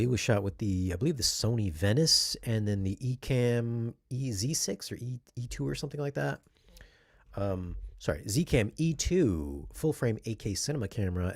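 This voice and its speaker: A man with a lowish voice reviews home theater gear on video, chatting casually and rambling, correcting himself and posing questions to viewers. The studio-quality recording has no echo.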